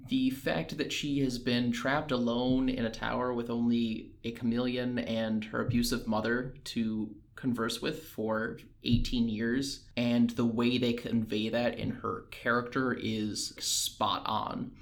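Give me a measured, analytical man co-hosting a film review podcast, mid-pitched. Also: level tone. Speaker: podcast co-host.

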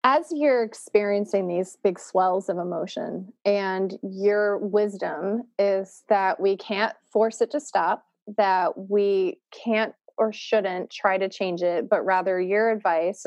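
A woman's voice: mid-range voice, darkish tone, no echo. A woman hosting, thoughtfully summarizing her guest's points and asking probing questions. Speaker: podcast host. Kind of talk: reflective interview talk.

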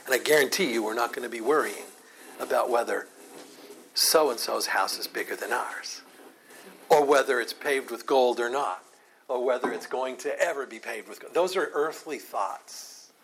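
A man's voice: mid-range voice, a bit bright, a little hiss or hum. A man leading a Bible study, explaining Scripture in a conversational way and often asking rhetorical questions.

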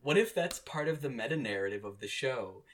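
A co-host in a casual chat, animated and laughing often, acting out the characters' lines. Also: mid-range voice, a little fast. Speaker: podcast co-host. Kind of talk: casual chat recapping a drama.

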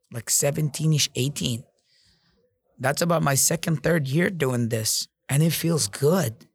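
Gravelly, blunt-talking podcast man. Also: medium pitch, no room sound. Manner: blunt and profane, heavy use of "like" and "you know". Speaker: podcast host and business owner. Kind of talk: casual motivational podcast monologue.

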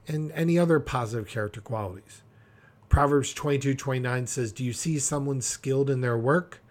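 A man preaching a practical podcast sermon, emphatic and direct, acting out quick quotes to make his points. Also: medium pitch, a little mellow.

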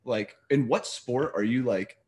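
A man's voice: mid-range voice, a little slow, a little mellow. Rambling storyteller man from New York. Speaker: podcast guest. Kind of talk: casual chat.

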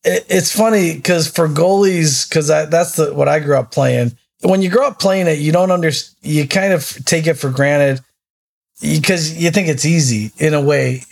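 A man's voice: fairly high pitch, normal speed, vocal fry. A man chatting casually, rambling and restarting as he tells sports stories. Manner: rambling storyteller, many restarts. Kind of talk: casual chat.

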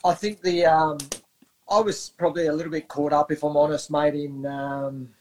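Earnest Australian man, higher voice. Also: level tone, normal speed, a little mellow, slight background noise. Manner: earnest, reflective, with many fillers. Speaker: podcast guest, wellbeing coach. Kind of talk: casual interview chat.

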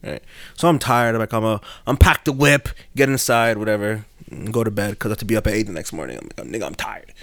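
A man's voice: quick pace, fairly bright tone, no room sound. Laid-back young man telling a story. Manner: laid-back, rambling, laughs into high-pitched bursts. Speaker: podcast host. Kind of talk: casual storytelling chat.

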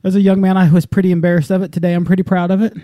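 A man's voice: high-pitched, little pitch movement, rapid-fire, mellow, no echo. A male podcast host in loose, joking casual chat.

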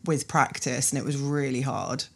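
A low-pitched woman hosts a podcast in a casual interview. She talks candidly and animates her own stories as she questions her guest. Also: fairly even intonation, normal speed, gravelly, husky. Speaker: podcast host.

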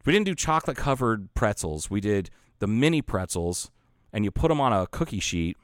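Deep smooth-voiced man telling stories. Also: fairly quick, no room sound, clean studio sound. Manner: rambling, profane, animated anecdotes with self-corrections. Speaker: podcast co-host. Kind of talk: casual storytelling chat.

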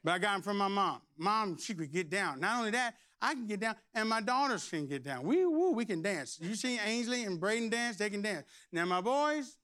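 High, bright-voiced energetic preacher man. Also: normal speed, hardly any pauses. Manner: energetic, playful preaching with shouts and humor. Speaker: pastor. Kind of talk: sermon.

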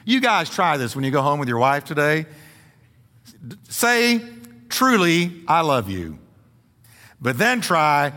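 A man's voice: on the high side, sing-song, a little slow, long pauses, bright, forceful tone, in a large hall. A man preaching a sermon as pastor, emphatic and playful, leaning hard on repeated words for effect. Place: church sanctuary.

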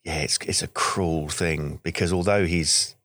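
A man's voice: very deep voice, fairly even intonation, unhurried, fairly bright tone. A man, a guest on a podcast, chatting casually and with enthusiasm, often restarting and repeating words. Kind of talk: casual chat.

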